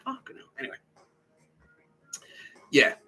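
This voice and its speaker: Bright-voiced man, rambling and profane. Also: measured pace, soft background music, low-quality recording. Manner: profane, rambling, laughing at his own stories. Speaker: podcast host. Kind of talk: rambling monologue.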